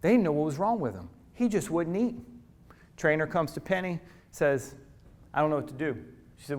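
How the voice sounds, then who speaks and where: A middle-aged man giving a motivational keynote, telling a story dramatically, swinging from hushed asides to loud preacher-like calls to the audience. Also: on the high side, expressive, normal speed. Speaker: motivational speaker.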